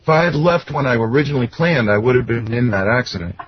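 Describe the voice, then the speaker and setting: A man's voice: mid-range voice, lively intonation, quick pace, slight background noise. A man telling personal anecdotes in a casual, rambling way, with many fillers and restarts. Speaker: guest. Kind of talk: casual storytelling interview. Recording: dull lo-fi sound.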